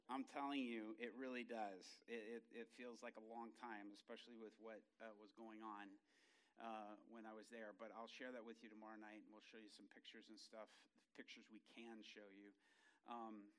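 A man's voice: medium pitch, a bit bright, rough recording. A middle-aged man giving a casual, self-deprecating sermon to a congregation as a travelling preacher. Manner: chatty, self-deprecating, jokes with the crowd. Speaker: itinerant preacher.

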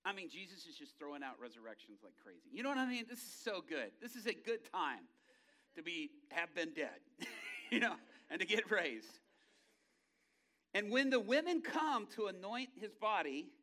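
A male pastor preaching a lively sermon, acting out scenes in voices and ending in a hushed prayer. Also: sits high, normal speed.

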